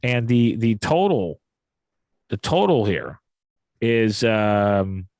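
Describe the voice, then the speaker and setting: A man's voice: on the low side, very animated, takes it slowly, darkish tone, dry recording. A man hosting a casual sports betting chat, who stops, restarts and repeats words while he steers the talk. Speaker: podcast host.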